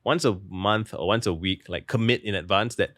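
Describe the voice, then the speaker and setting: Young guy kinda low voice, rambly, says like a lot, dry room. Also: normal speed, fairly bright tone, dry recording. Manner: rambling, heavy use of "like", restarts mid-thought. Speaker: guest author. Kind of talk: casual interview talk.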